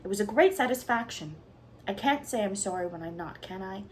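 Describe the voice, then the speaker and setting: A woman reading aloud voices an excitable, dramatic orphan girl who pleads and protests with passion. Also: mid-range voice, a little fast, slight background noise, close to an everyday voice. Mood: defiant. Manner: impassioned, pleading, melodramatic.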